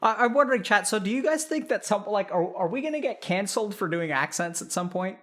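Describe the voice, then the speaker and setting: Chatty man talking to his stream, slightly high voice. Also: expressive, fast, a bit bright. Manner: thinks aloud, reads chat, frequent restarts. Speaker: streamer and doctor. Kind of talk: casual live-stream chat.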